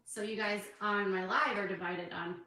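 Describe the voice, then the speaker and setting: A woman's voice: mid-range voice, steady tone, moderate pace, pushed and bright. A woman chatting casually on a livestream, reading out poll results and counting down. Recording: roomy livestream audio with faint noise.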